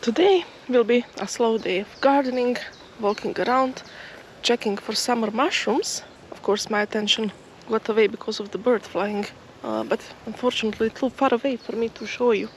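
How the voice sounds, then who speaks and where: A woman vlogging outdoors in a field, musing softly and hesitantly as she walks. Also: fairly high pitch, normal speed, slight background noise. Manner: soft, musing, slightly hesitant. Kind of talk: casual outdoor vlog narration. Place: outdoors in a field near a forest.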